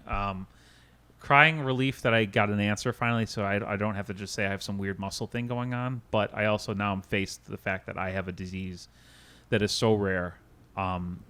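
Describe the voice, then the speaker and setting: A man's voice: on the low side, a bit bright, clean tone. A man in his thirties, a podcast guest, telling an emotional personal story in a candid, rambling way with many restarts and quoted dialogue. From United States. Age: 30s.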